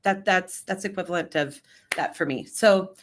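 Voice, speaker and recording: Woman coach talking shop on an interview, fairly low voice, candid and punchy, keeps tossing in "right?". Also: normal speed. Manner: candid, emphatic, often tags "right?". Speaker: leadership coach and business founder. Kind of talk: storytelling in an interview.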